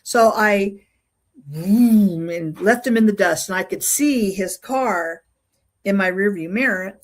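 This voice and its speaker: An older woman, a guest being interviewed, tells a personal story in a halting way, often pausing on fillers and restarting her sentences. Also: mid-range voice. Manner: halting, full of fillers and restarts while recounting. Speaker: interview guest, UFO investigator.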